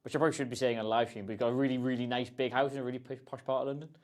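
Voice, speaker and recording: A man's voice: mid-range voice, little pitch movement, very fast. A man hosting a casual livestream, answering viewer questions in a chatty, rambling, self-deprecating way. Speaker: host.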